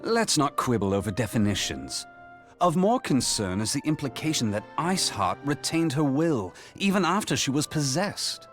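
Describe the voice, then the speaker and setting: An actor playing a brisk, pragmatic man in a game who cuts past quibbles to the point. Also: medium pitch, sing-song, a bit bright, faint music behind. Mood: serious. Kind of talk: game voice acting.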